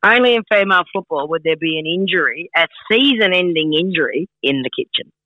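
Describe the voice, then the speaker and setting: A man's voice: a little high, lively intonation, brisk, dry recording, dull audio. A man from Victoria with a broad Australian accent, a jokey, rambling football pundit in casual sports chat.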